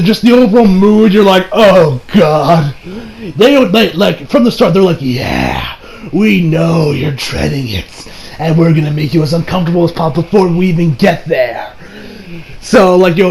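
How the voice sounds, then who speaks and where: Young male reviewer with a high voice, ranting casually, swears freely and hams up his own reactions. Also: darkish tone, poor audio. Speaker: anime reviewer. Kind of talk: casual video review rant.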